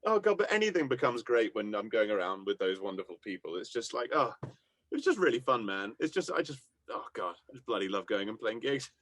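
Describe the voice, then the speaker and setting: A man's voice: on the low side, animated, a little fast, fairly bright tone, no room sound. A man telling enthusiastic, rambling anecdotes about his music career in a casual interview, laughing often. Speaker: musician guest.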